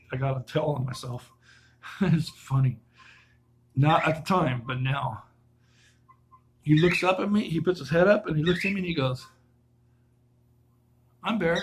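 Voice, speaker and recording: Casting: man with a gravelly, slightly high voice, vlogger spinning a rambling personal story, light background noise. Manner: rambling, earnest, restarts often, acts out other people's lines. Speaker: vlogger telling a prison story. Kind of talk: casual storytelling vlog. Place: his van.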